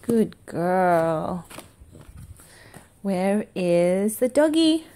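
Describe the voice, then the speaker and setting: A mother quizzing her toddler with flash cards, asking questions slowly in a sing-song voice, praising her and making animal noises. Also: medium pitch, big pitch swings, warm tone.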